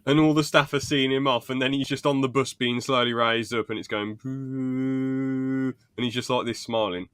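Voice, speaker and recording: Young bloke rambling about tv scenes, smooth lowish voice, dry sound. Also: male voice, fairly even intonation, a little fast, few pauses, a bit bright, no echo. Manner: rambling, laughs while retelling scenes. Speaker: podcast co-host. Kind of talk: casual chat recapping a sitcom.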